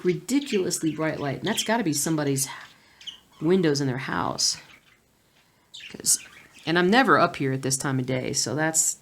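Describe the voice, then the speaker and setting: Rambling low-voiced woman stitching at home. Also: vocal fry. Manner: rambling, hums nonsense sounds. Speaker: cross-stitch vlogger. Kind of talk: casual chat while stitching. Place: home at night. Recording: noisy home recording with birds.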